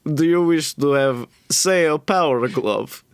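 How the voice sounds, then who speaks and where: A man voicing a sly, grinning old male goblin merchant in a put-on Eastern European accent, in a theatrical, coaxing tone. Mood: tempting. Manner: wheedling sales pitch with drawn-out invitations.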